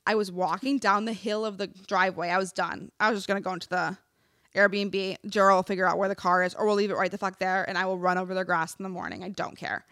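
A young woman telling a story in casual chat, animated and full of "like", swearing freely. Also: mid-range voice, fast, dry recording, studio quality. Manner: animated, filler-heavy with constant "like", swears freely. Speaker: podcast co-host.

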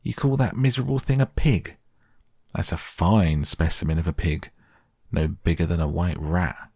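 A man voicing a demanding ten-year-old farm boy in a bedtime storybook reading, raising his voice higher. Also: little pitch movement, moderate pace, a little mellow, husky, no echo, clean studio sound, exaggerated voice.

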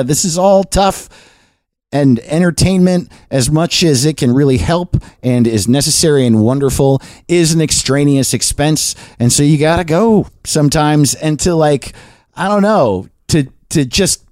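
Guy rambling on his podcast, pitch all over the place, real dry close sound. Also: no echo. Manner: rambling, self-deprecating, animated. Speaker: podcast host. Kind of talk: casual monologue and chat.

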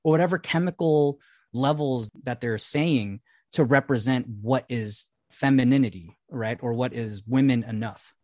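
A man's voice: mid-range voice, a little slow, darkish tone, no echo, clean studio sound. A man co-hosting a podcast who reads listener mail aloud and then explains his view at length, in casual talk. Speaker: podcast co-host.

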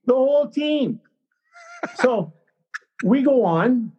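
A middle-aged man, a former hockey player, telling a story as a podcast guest in a blunt, excitable, profane way. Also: very high-pitched, takes it slowly, slightly rough, lo-fi sound. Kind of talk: casual storytelling.

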